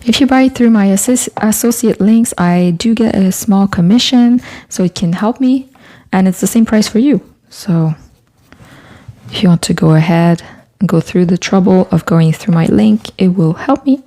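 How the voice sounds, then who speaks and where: An artist from Quebec, Canada, livestreams from her home art studio, chatting casually while she crafts and greeting viewers by name. Her mid-range voice moves at a normal speed, soft-spoken and often dropping to a whisper while she works.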